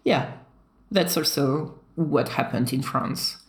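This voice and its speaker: A woman co-hosts a casual podcast, chiming in with brief remarks and agreement. Her voice sits low for a woman. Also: slow. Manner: chimes in with short remarks and agreement. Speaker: podcast co-host.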